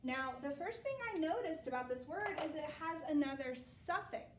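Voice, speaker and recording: A woman teaching children a phonics lesson, patient and steady, checking in often with "okay?". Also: high voice, moderate pace, reverberant, distant mic, background noise.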